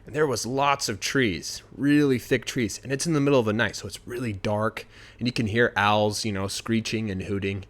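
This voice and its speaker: A man's voice: lowish voice, moderate pace. Man telling a story casually. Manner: relaxed and conversational, with fillers like "you know".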